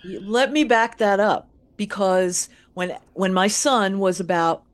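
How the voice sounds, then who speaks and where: Female radio co-host, animated storyteller, mid-range voice. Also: medium pitch, measured pace. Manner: lively, animated anecdote teller. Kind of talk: casual radio chat.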